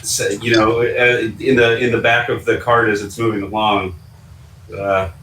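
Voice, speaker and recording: A man's voice: on the low side, flat delivery, normal speed, bright, forceful tone. Playful male player with a mid-range voice, recorded distant in a roomy space. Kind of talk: casual tabletop play. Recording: echoey room, mic far off, faint noise.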